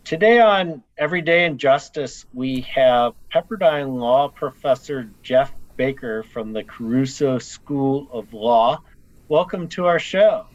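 A man hosting a podcast interview, asking questions in a halting, hesitant way. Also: medium pitch, lively intonation. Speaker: podcast host. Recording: dull lo-fi recording.

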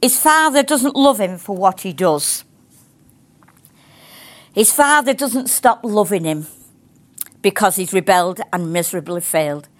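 A woman's voice: mid-range voice, animated, a little slow, pauses often. An older woman, teaching a sermon in a chatty way and acting out the voices she quotes. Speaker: ministry teacher.

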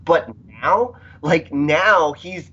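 A man's voice: on the high side, extremely slow, pushed and bright, highs cut off, a little hiss or hum. A man co-hosting a podcast, chatting in a rambling, sarcastic way. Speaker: podcast co-host. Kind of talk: casual chat.

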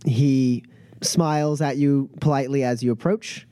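A man narrating as game master of a tabletop role-playing game, describing scenes with many filler pauses. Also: mid-range voice, steady tone, warm tone, no echo.

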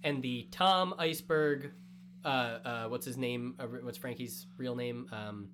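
A man co-hosting a casual anime review chat, talking in animated bursts with quick asides. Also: mid-range voice, a little hiss or hum. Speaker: podcast co-host.

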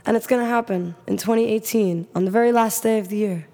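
A woman's voice: mid-range voice, fast, dark tone, big-room sound. A woman co-hosting a casual, profane chat, blunt and teasing. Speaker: podcast co-host.

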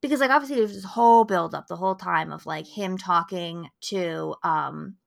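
A woman co-hosting a podcast, chatting casually, animated and swearing freely as she acts out quotes. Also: fairly low pitch, normal speed, gravelly. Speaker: podcast co-host. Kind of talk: casual chat.

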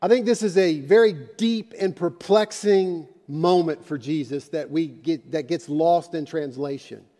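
A man's voice: on the high side, measured pace, hardly any pauses, mellow. A man preaching a sermon as a pastor, with impassioned emphasis and conversational asides, in a church sanctuary. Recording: long hall reverb.

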